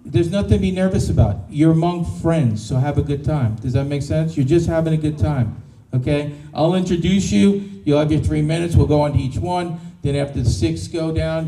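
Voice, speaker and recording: A man emceeing a live pitch event, jovial and reassuring, telling the audience to relax and have fun. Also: a little fast, mellow. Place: large event room in Austin. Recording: echoey room, mic at a distance.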